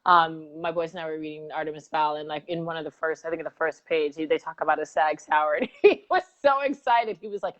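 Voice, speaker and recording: Low-voiced candid woman, lo-fi sound. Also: fairly quick, hardly any pauses, fairly bright tone. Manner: reflective, candid, laughs often, many fillers. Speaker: co-host. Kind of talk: casual conversation. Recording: dull lo-fi audio.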